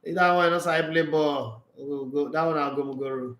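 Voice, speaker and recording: A man's voice: fairly high pitch, normal speed, fairly bright tone, reverberant. A man with a Nigerian Pidgin English accent, hosting a loose football chat, laughing often and switching between Pidgin and English. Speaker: sports channel host. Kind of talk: live football commentary chat.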